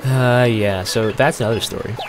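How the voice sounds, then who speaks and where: A man's voice: mid-range voice, normal speed, over music. A young Canadian man hosting a let's play, telling rambling stories in casual, laid-back commentary.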